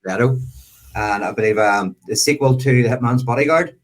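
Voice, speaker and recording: A man's voice: medium pitch, a little fast. Easygoing male interview host. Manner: brief prompts and backchannel agreement. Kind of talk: casual interview.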